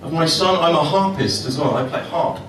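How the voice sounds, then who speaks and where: A man's voice: a little high, lively intonation, brisk, fairly bright tone. A middle-aged man hosting a comedy club night, working the crowd in a cheeky, swearing stand-up manner. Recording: echoey club from far off, noisy.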